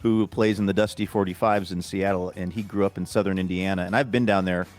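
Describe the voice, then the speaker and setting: A man's voice: deep voice, fairly even intonation, fast, soft background music. Easygoing male radio host, joking. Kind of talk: casual chat.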